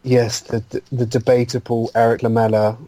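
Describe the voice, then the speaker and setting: A man's voice: mid-range voice, level tone, normal speed, mellow, low-quality recording. Hesitant man in casual chat. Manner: hesitant, repeats words, makes puns. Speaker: podcast co-host.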